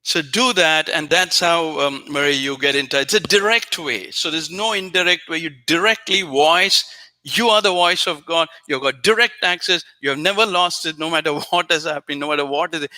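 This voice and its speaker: Hosting a spiritual show, a man with a slightly high voice speaks at normal speed, delivering an earnest, repetitive teaching talk directly to a viewer. At times he softly chants phrases.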